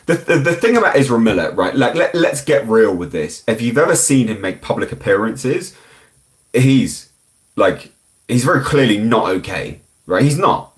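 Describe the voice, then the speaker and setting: A British man chatting on a live stream. His pitch swings a lot, rising and falling freely as he rambles through viewer comments. He speaks bluntly and frankly in a medium-pitched voice. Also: sing-song, moderate pace. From United Kingdom.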